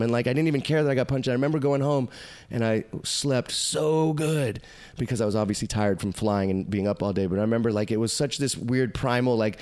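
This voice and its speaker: Profane, animated male storyteller. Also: mid-range voice. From United States. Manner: animated, profane, acts out quoted voices. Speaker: podcast guest. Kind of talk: casual storytelling.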